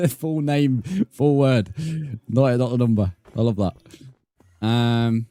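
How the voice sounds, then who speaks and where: A man's voice: mid-range voice, slow pace, mellow, no room sound, soft background music. A British man chatting casually while livestreaming a game, swearing freely and muttering counts under his breath. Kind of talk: casual gaming livestream chat.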